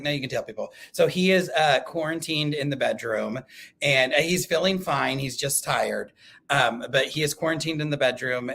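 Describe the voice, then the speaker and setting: A man hosting a casual quilting livestream, telling animated stories, laughing often and reading viewer comments. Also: mid-range voice, gravelly, slight background noise. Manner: chatty, animated storytelling, laughs often, reads live comments.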